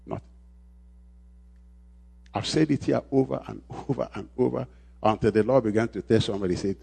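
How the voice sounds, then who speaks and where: Brief: male pastor, husky voice, call-and-response sermon, shouts then drops low. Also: fairly quick, pauses often. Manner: call-and-response preaching, repeating phrases, swings from shouting to quiet.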